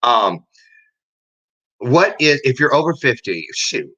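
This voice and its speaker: A man's voice: mid-range voice, sing-song, slow, bright, forceful tone, muffled recording. A man in his fifties hosting a casual talk show, rambling and joking with frequent laughs. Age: over 50. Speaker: host. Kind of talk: casual chat show monologue.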